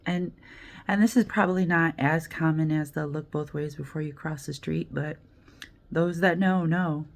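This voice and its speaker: A woman's voice: low voice, moderate pace, vocal fry. American woman telling a diary story. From United States. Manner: animated storytelling, quoting voices, laughing, swearing. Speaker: vlogger.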